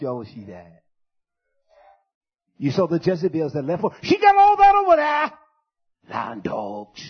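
Fiery husky preacher man. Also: muffled recording. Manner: loud, shouting denunciations that drop to low muttered asides. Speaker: pastor. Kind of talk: fiery sermon.

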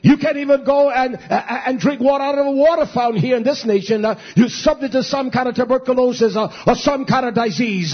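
A man preaching a fiery sermon as pastor, swinging from shouted peaks to low murmured asides, with many "uh" fillers. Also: a little fast, hardly any pauses, husky, muffled recording, soft background music.

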